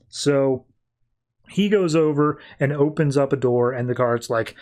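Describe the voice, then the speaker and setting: A man's voice: fairly high pitch, normal speed, darkish tone. A man hosting a podcast, recapping a comic book in casual, chatty storytelling full of fillers. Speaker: podcast host.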